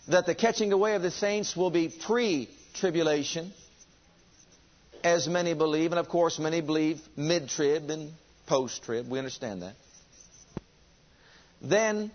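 A man's voice: high voice, lo-fi sound. A man preaching a sermon, driving his points home with rhetorical questions and emphatic repetition.

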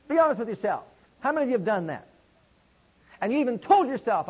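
Husky-voiced man preaching a sermon. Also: extremely high pitch, big pitch swings, fast talker, long pauses. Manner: call-and-response preaching, swings between loud and hushed. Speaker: pastor. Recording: dull lo-fi recording.

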